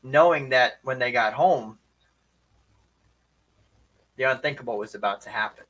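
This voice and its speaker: A man's voice: medium pitch, unhurried, fairly bright tone, rough recording. A man commenting casually on a video, asking rhetorical questions. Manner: conversational, asks rhetorical questions.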